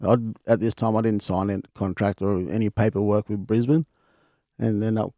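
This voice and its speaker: An Australian man in his thirties, co-hosting a podcast, telling stories in a relaxed way with frequent laughs and restarts. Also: fairly low pitch, normal speed, no room sound, studio quality. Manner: laid-back, laughs often, many restarts. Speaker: podcast co-host, former player. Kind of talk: casual storytelling chat.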